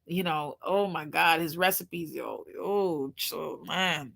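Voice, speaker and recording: A woman in casual chat, animated and gushing, with informal slangy speech and lots of exclamations. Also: deep voice, slow, creaky.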